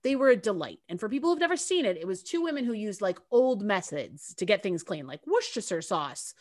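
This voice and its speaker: A woman co-hosting a casual podcast chat, telling a story in a lively, swearing, joking way. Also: medium pitch, brisk, a little hiss or hum. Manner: lively, profane, storytelling with asides. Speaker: podcast co-host.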